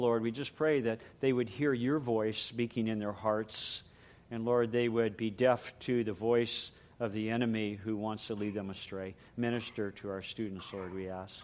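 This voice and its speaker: A middle-aged man, a pastor, preaching a sermon and praying in an earnest, measured way. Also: mid-range voice, darkish tone. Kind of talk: sermon with prayer.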